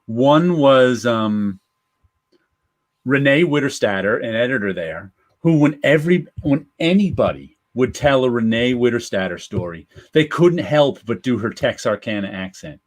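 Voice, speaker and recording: A man's voice: mid-range voice, expressive, unhurried. A man co-hosting a casual show, telling stories in a loose, rambling way. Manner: rambling, loose storytelling with restarts. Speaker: co-host. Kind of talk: casual chat.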